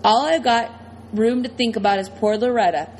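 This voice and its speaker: A woman's voice: fairly high pitch, normal speed, darkish tone, a little hiss or hum, rough recording. Woman narrating a tense story. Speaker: audiobook narrator. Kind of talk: first-person scripted narration.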